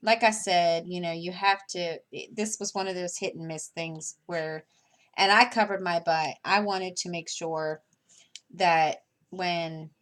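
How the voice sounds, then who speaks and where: This crafting vlogger's voice is on the low side and fairly bright, with fairly even intonation and an unhurried pace. She chats casually over a craft project, rambling with lots of fillers and restarts and chuckling between thoughts.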